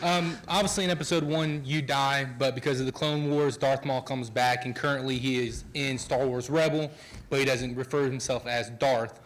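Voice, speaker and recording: A man's voice: medium pitch, fairly even intonation, normal speed, a little hiss or hum, rough recording. A man in the audience asking a panel guest a long, carefully built question in a polite way.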